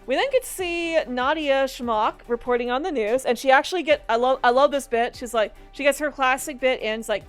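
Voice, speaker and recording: A woman giving casual movie commentary in an animated, exasperated, rambling way. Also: high voice, brisk, few pauses, soft background music. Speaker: video commentator.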